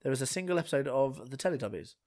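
A man co-hosting a casual podcast chat, talking animatedly and restarting his sentences as he gets excited. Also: medium pitch, rapid-fire. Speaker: podcast co-host.

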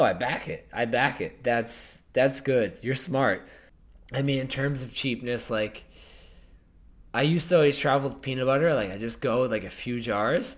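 A man co-hosting a podcast, rambling casually with restarts and the odd swear word. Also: mid-range voice. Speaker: podcast co-host. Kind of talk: casual chat.

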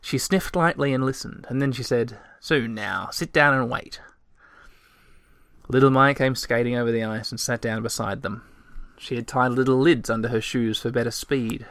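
A man reading a storybook aloud with gentle, measured narration. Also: mid-range voice, steady tone, no room sound, clean studio sound.

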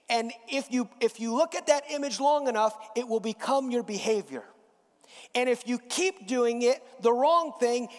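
A man preaching a sermon, reading scripture and swelling to shouts on key phrases. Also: very high voice, in a large hall.

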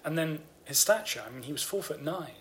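A man's voice: a little high, expressive, fairly quick, fairly bright tone, slight background noise. A man co-hosting a casual podcast about books, explaining his ideas at length with eager enthusiasm. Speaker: podcast co-host.

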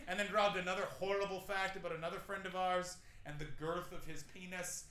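A man's voice: high voice, flat delivery, fairly quick, hardly any pauses, sharp tone, echoey room, slight background noise, low-quality recording. A man in his thirties doing a stand-up set on a club stage, telling rambling, self-deprecating stories with crude asides. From Canada. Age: 30s. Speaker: stand-up comedian.

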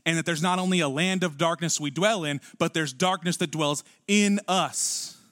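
A man preaching a sermon in a conversational style, asking the congregation rhetorical questions and often dropping to a quiet voice. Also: on the high side, normal speed, dry recording, clean studio sound. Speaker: pastor.

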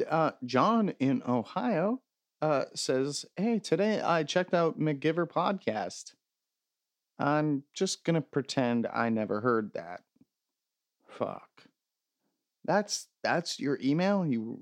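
A man's voice: medium pitch, animated, takes it slowly, no room sound. A man hosting a comedy podcast, reading listener emails aloud and answering them with sarcastic, profane mock rants. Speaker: podcast host.

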